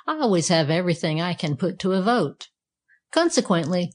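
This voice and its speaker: A woman voicing a grumpy, contrary talking bellows in a read-aloud storybook, speaking bluntly and curtly. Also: fairly low pitch.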